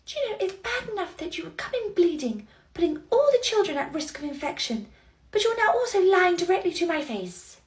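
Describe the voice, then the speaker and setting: Woman doing a nursery manager, officious, scolding, clipped, very high pitch. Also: very animated, distant mic. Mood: stern. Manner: clipped, scolding, slow and deliberate. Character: stern female nursery manager, cold and officious. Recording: roomy echo, faint noise.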